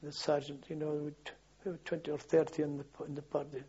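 A man's voice: on the high side, level tone, a little fast, mellow, slightly rough. An older man, recalling his army days in a rambling way, repeating words and chuckling. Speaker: interviewee recalling army service. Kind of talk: oral history reminiscence. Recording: dull lo-fi archive tape.

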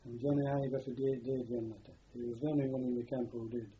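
A man's voice: medium pitch, flat delivery, quick pace. An older man with a rambling, repetitive way of talking, recalling his wartime past in an oral history interview. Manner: rambling, repeats words while recalling. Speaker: interviewee, former prisoner of war. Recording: dull lo-fi archive tape with faint hiss.

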